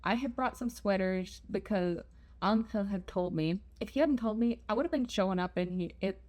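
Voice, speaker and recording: A woman's voice: mid-range voice, moderate pace, darkish tone. A young woman telling a travel story in a chatty, self-deprecating vlog. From United States. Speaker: travel vlogger.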